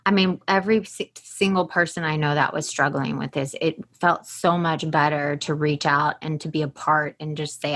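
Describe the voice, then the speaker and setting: Woman host, low-pitched, emotional and chatty. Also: normal speed. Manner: emotional, warm-hearted reactions, laughs easily. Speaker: podcast host. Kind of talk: casual conversation.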